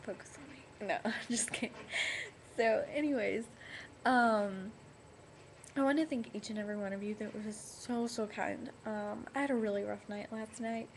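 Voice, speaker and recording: A woman's voice: fairly high pitch, normal speed, poor audio. Chatty young woman with a lilt. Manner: chatty and rambling, many ums. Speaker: vlogger. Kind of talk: casual chat to camera. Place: home room with TV on. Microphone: laptop webcam mic. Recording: home laptop recording with TV noise. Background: television playing.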